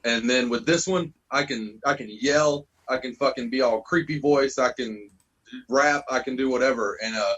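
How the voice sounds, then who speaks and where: A man's voice: medium pitch, moderate pace, fairly bright tone, breathy edge, highs cut off. A man, a band vocalist on a podcast, chatting loosely and profanely, calling people bro. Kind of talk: casual podcast chat.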